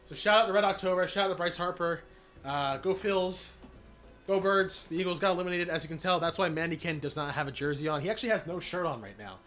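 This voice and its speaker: A man streaming live, recapping his channel's year in a casual, energetic way with many fillers and shout-outs, voice cracking after being sick. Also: high-pitched, quick pace, soft background music. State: recovering from illness, voice cracking.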